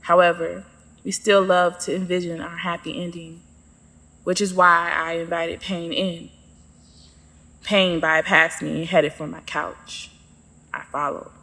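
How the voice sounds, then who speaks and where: A woman's voice: on the low side, little pitch movement, measured pace, long pauses, bright, forceful tone, in a large hall. A woman narrating her own story in the first person, with a sassy, sarcastic manner.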